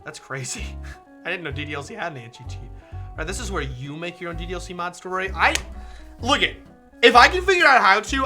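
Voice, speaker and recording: A streamer chatting with viewers and reading a visual novel aloud, excitable and swearing freely. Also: medium pitch, fairly quick, faint music behind.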